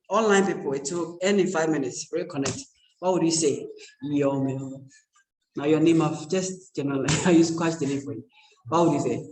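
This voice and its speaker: A man's voice: fairly high pitch, darkish tone, slight background noise. A man giving a university lecture in a classroom, conversational and joking, checking in with his students again and again. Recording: echoey lecture room.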